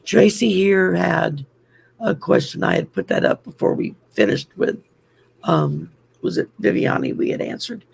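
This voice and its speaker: A woman's voice: lowish voice, animated, a little slow, gravelly, a little mellow, a little hiss or hum. An older woman from France with a French accent, hosting a rambling, chatty livestream full of ums. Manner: rambling, chatty, many ums, laughs at herself. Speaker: host. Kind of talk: casual livestream chat.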